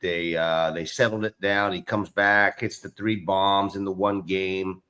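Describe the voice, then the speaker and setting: A man's voice: low voice, flat delivery, measured pace, pushed and bright. Enthusiastic man rambling about baseball. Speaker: co-host. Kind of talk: casual sports podcast chat.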